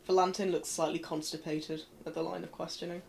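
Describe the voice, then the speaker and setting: A woman's voice: on the low side, level tone, brisk, gravelly, a little mellow, a little hiss or hum. A woman player at a tabletop game, switching between describing her character and joking exasperation. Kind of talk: tabletop role-play, in and out of character.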